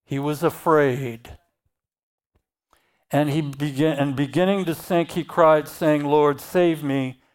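Slow, deliberate preacher expounding scripture. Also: medium pitch, steady tone. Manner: reads scripture aloud and then explains it, repeating key phrases. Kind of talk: sermon.

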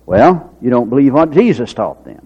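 A man's voice: mid-range voice, big pitch swings, normal speed, slightly rough. A man preaching a sermon, folksy and full of rhetorical questions, acting out little scenes with quoted voices. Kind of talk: sermon with acted-out anecdotes. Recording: dull lo-fi sermon recording.

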